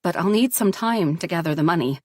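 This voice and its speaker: A woman's voice: on the low side, expressive, a little fast, a little mellow, dry recording, clean studio sound. Determined worried mother, as the narrator voices her. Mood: reassuring. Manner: reassuring, urgent.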